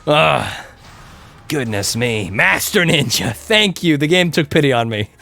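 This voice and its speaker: A fairly high, gravelly male voice that swings widely up and down as he plays. He gives casual, excitable game commentary, swearing freely and pleading with the screen when things go wrong. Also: a little slow. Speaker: game streamer.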